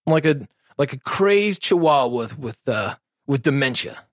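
A man's voice: medium pitch, expressive, measured pace, no room sound, studio quality. A man hosting a podcast in an angry, sarcastic and heavily profane comedic rant, full of rambling asides. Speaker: podcast host.

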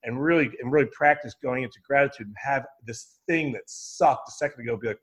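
A man's voice: mid-range voice, quick pace, hardly any pauses, fairly bright tone. Emphatic man coaching on moods. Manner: emphatic, repetitive, acts out his own thoughts in quotes; frequent restarts and "right?" tags. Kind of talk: conversational podcast explanation.

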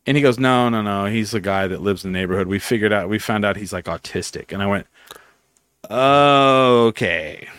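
Talking fast with few pauses, a man with a lowish voice spins a long, profanity-laced story on his casual podcast, acting out quotes along the way. The podcast host is an animated storyteller, and there's no echo on the recording.

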